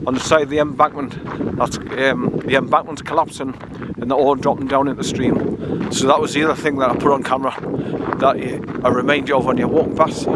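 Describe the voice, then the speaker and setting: A man's voice: mid-range voice, steady tone, fairly quick. A man talking casually while walking his dog on a woodland trail, chatty and rambling, with a coaxing voice for the dog. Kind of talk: casual walk-and-talk narration. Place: outdoors on a woodland trail by a stream. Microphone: handheld camera mic. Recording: loud wind noise on the mic.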